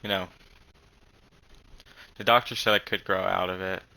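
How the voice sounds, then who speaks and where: Young guy rambling thru a story, lots of likes and swearing, low-ish voice but kinda sharp. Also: steady tone, vocal fry, rough recording. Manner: halting, swears a lot, many fillers.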